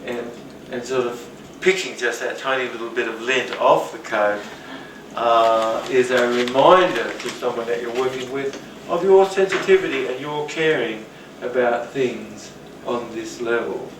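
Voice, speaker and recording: Man, workshop teacher, rambling, animated, distant mic, noisy roomy recording. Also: medium pitch, measured pace. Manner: rambling, animated, acts out quoted voices. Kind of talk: teaching talk on rapport.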